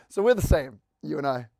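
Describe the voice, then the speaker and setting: A man's voice: high voice, vocal fry, darkish tone, slight background noise. British man, podcast co-host, playful and teasing, laughs a lot. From United Kingdom. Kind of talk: casual chat.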